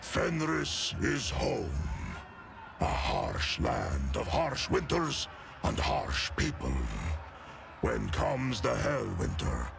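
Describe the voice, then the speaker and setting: A towering space-wolf warrior in a video game, his voice gravelly and booming. He tells his tales slowly and grandly, and his pitch rises and falls dramatically. Loud game music plays under his lines. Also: wildly swooping pitch, exaggerated voice. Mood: proud. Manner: slow, dramatic storytelling delivery with some shouted lines. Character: giant gruff male space-wolf warrior, proud.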